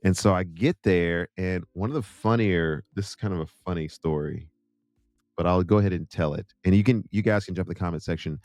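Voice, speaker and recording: Deep-voiced chatty American man. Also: a little fast, darkish tone, no room sound, clean studio sound. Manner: rambling, chatty, self-interrupting with asides to viewers. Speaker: Christian music artist and host. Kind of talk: casual storytelling monologue.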